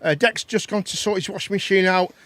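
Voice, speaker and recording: A man's voice: high voice, a little fast, a bit bright, dry recording. A man hosting a live chat show and phone-in, chatty and teasing, and he laughs often. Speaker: host.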